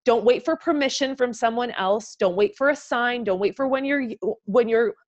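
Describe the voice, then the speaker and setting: A woman's voice: fairly high pitch, moderate pace. A woman co-hosting a motivational podcast, speaking in a heartfelt, encouraging way. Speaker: podcast co-host. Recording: dull, muffled audio.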